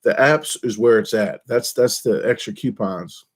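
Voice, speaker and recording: A man's voice: lowish voice, moderate pace. A man hosting his own channel in casual, rambling chat, talking into a desk microphone and joking at his own expense. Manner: rambling, self-deprecating, with frequent restarts. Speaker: YouTube channel host.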